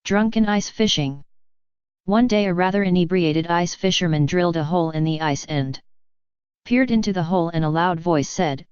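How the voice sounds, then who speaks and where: A woman narrating a series of jokes in an even, unhurried read-aloud manner. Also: on the low side, clean tone, no room sound, highs cut off. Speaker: joke reader. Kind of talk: scripted joke narration.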